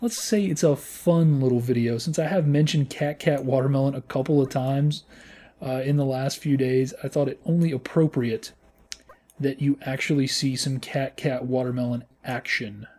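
A man hosting a gaming channel, giving playful, casual commentary as he plays and squealing high when things go wrong. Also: steady tone, moderate pace, dark tone, slightly rough. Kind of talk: casual let's-play commentary.

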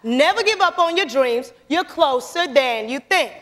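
A woman doing a calm reassuring stranger. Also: extremely high pitch, exaggerated voice. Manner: slow and reassuring. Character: calm encouraging male stranger on a mountain. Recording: long church hall reverb.

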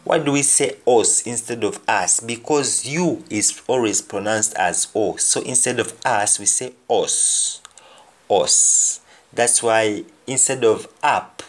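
A man teaching a language lesson, repeating each example phrase deliberately. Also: fairly low pitch.

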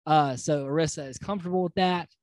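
A man's voice: a little high, steady tone, quick pace, a little mellow, dry recording. A man hosting a podcast, recapping a reality TV episode in a loose, rambling way with fillers and casual swearing. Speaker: podcast host.

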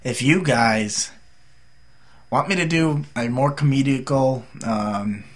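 A man's voice: mid-range voice, slow. A tired young man from the United States rambling through a casual, jokey vlog update as a gaming YouTuber.

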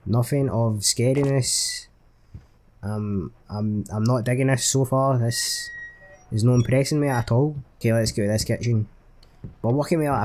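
Still getting over a chest infection, a gaming channel host talks through his horror-game playthrough with curses, jokes and startled reactions. His medium-pitched voice moves a little slowly, with background noise in the recording.

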